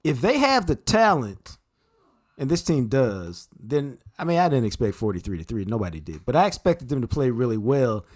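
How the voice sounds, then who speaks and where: A man co-hosts a casual sports talk podcast and breaks down football games. He talks in a laid-back, blunt, analytical way and speaks in a medium pitch. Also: very animated, moderate pace, darkish tone.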